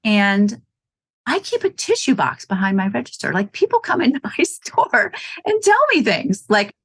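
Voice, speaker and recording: A woman's voice: fairly high pitch, very animated, normal speed, a bit bright, husky, no room sound. A woman from Wisconsin, a shop owner, chatting in an interview, telling stories, acting out quotes and laughing often. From Wisconsin, United States. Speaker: running shoe store owner, guest. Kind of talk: casual interview chat.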